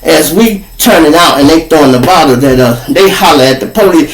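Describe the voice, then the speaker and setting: A man, hosting a podcast and telling a street story in a profane, animated way. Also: on the high side, fairly quick, few pauses, distant mic. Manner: animated, profane, acts out every voice. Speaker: podcast host. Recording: echoey room.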